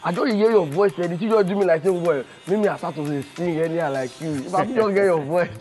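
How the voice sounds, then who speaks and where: Actor as a jokey Pidgin-speaking flatterer. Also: male voice, high voice, fast, faint music behind, lightly acted. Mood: flattering. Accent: Nigerian Pidgin. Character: fawning playful young male friend. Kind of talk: film drama acting.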